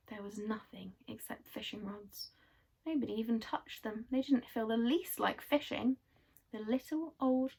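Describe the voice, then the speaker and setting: A woman reading a children's book aloud, telling it expressively and softly. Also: on the high side, creaky, slightly rough. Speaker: storyteller.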